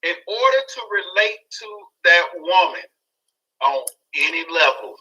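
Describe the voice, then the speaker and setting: A man in his forties with a high, very bright, forceful voice, coming through a tinny phone line. He talks in a lively, animated way and acts out his own past reactions as he tells stories. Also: a little slow. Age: 40s. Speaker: guest speaker. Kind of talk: casual talk show chat.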